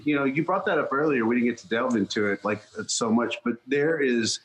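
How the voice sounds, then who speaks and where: A man's voice: mid-range voice, fairly quick, a bit bright, a little hiss or hum, low-quality recording. A man, a strength coach guest, talking bluntly and profanely in casual podcast chat.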